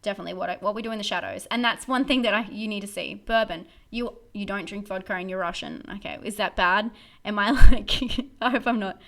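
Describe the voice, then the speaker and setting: A woman's voice: mid-range voice, fast talker, few pauses, a bit bright. A young woman hosting a casual live-stream Q&A about horror films, chatty and giggly, rambling with lots of fillers and restarts. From Australia.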